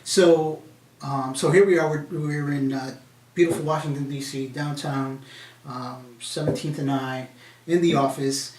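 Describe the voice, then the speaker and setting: A man's voice: on the high side, measured pace. Chatty man interviewing in an echoey office. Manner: relaxed, chatty questions. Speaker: interviewer, company head. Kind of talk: casual interview. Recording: echoey room from a distance.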